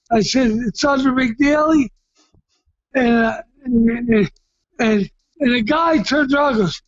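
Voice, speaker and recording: Middle-aged man, ex-boxer guest: loud, excitable, unhurried, dry close sound. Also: very high-pitched, no echo, lo-fi sound. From Massachusetts. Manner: loud, excitable, often shouting, with frequent restarts and repeats. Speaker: retired heavyweight boxer, guest. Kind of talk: casual storytelling interview.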